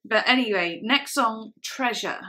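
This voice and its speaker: With a fairly high pitch and an unhurried delivery, a woman reacts to music on her channel, enthusiastically breaking down the singing technique and filling her speech with "like." Faint music plays behind her.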